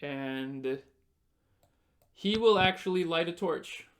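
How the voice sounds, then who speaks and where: A male game master narrates a tabletop fight at an unhurried pace. His voice sits a little high, and he stops often to explain the rules. The delivery is casual and patient. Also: a little hiss or hum.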